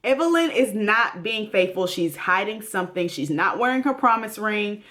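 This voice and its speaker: A woman's voice: medium pitch, lively intonation, moderate pace, a bit bright. A woman hosting a TV recap, talking in a blunt, emphatic way straight to her viewers. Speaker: TV recap host. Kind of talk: casual commentary.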